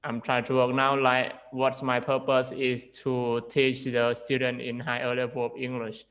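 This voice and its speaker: A man's voice: mid-range voice, completely flat delivery, normal speed, a bit bright, rough recording. A young man from Laos with a Lao accent, an English teacher talking casually and hesitantly, with many fillers and restarts. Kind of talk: casual interview chat.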